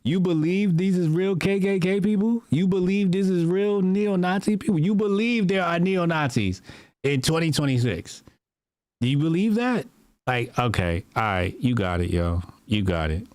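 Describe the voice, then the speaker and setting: A man co-hosting a podcast, talking in a casual, animated, mocking way and often mimicking other people. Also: sits high, moderate pace, no echo. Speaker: podcast co-host.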